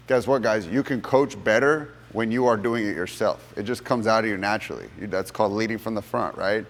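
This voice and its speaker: A low-pitched man leads a sales workshop for gym coaches, talking with lively conviction. He slips into the voices of the people in his stories as he tells them. His voice rings out with the long reverb of a large room. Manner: animated storyteller, acts out courtroom voices. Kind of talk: motivational workshop talk with storytelling.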